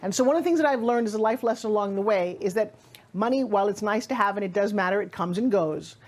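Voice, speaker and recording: Energetic motivational woman speaker. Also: mid-range voice, quick pace. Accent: New York. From Long Island, New York. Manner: energetic, emphatic, conversational. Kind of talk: motivational talk.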